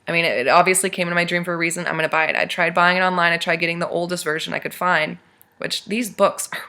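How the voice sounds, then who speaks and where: Bright-voiced woman vlogger rambling. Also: on the low side, fast. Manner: rambling, animated retelling of a dream. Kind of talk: casual storytelling to camera.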